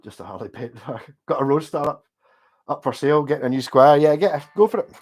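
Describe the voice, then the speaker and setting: A man's voice: fairly high pitch, expressive, fairly quick, a little mellow. A Scottish man with a slightly raised voice chats through a livestream and answers viewers as he goes. He rambles, swears freely and restarts his sentences often, in a loose, casual way. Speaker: livestream host.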